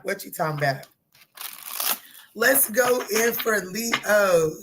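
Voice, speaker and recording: A woman giving a casual tarot reading, talking in a chatty, animated way, swearing and joking with her viewers. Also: medium pitch, slow, a little hiss or hum. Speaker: tarot reader.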